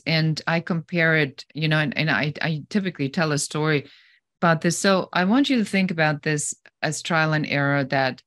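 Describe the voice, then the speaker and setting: A woman guest on a podcast, an animated storyteller who acts out little scenes while giving business advice. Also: low-pitched, no room sound, clean studio sound. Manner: animated storyteller, acting out scenarios. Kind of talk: conversational interview.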